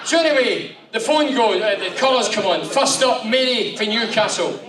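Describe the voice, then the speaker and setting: A man in his fifties, with a fairly high voice, spins loose, swearing anecdotes for a room of listeners. He sounds far from the mic in an echoey hall, with the crowd around him. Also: moderate pace. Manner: animated, swearing storyteller. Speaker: guest speaker. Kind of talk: after-dinner anecdotes. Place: function room with audience.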